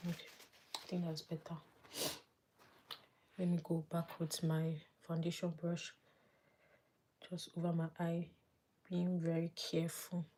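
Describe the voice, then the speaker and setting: A woman vlogger chatting casually as she does her makeup live, thinking aloud and dropping to soft murmurs while she works. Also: on the low side, monotone, unhurried, pauses often. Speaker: beauty vlogger.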